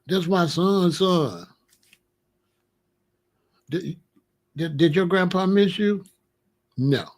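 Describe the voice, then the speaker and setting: A man's voice: high-pitched, lively intonation, extremely slow, a little mellow. An older man, a grandfather, talking casually to camera in a profane, taunting rant, laughing often and asking "you know what I'm saying?". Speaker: vlogger scolding his grandson.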